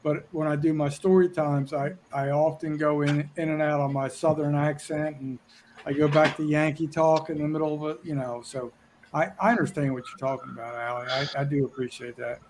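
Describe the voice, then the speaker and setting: A man with a Philadelphia-area Delaware accent chats excitably in a fairly high voice, laughing and tripping over his words. A faint background noise runs under him. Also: a little fast. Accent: Delaware, near Philadelphia. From Wilmington, Delaware. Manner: excitable, laughing, stumbling restarts. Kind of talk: casual chat.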